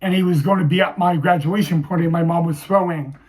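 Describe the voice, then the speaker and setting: A man's voice: fairly high pitch, steady tone, a little mellow, slightly rough. Emotional young man telling a personal story. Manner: halting, with many restarts and fillers. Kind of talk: personal story told to viewers.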